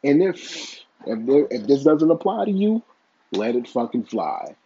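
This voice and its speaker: A man's voice: mid-range voice, sing-song, a little slow, mellow, breathy edge, muffled recording. A man giving blunt, profane, opinionated casual commentary.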